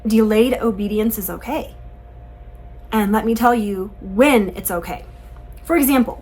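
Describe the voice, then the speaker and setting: A mother teaching other parents in an earnest, calm and firmly instructive talk. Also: on the high side, rough recording.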